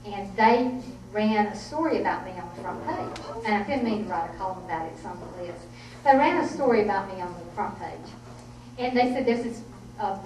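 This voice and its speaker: Middle-aged Southern woman, author at a podium, folksy humorous storyteller; roomy, distant sound. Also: mid-range voice. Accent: Southern American. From Southern United States. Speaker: author giving a talk. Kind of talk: storytelling talk. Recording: echoey room, distant mic, faint noise.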